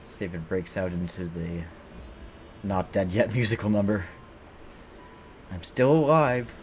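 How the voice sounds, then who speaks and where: A man's voice: low voice, steady tone, moderate pace, a little mellow, faint music behind. A man streaming a game, chatting casually and rambling, joking and swearing freely as he plays. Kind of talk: casual gameplay commentary.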